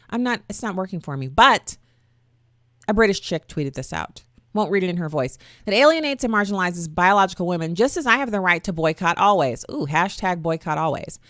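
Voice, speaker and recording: A woman's voice: medium pitch, fairly bright tone, no echo, clean studio sound. A middle-aged woman hosting a talk radio show, chatty and sarcastic with folksy asides. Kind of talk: opinionated talk radio monologue.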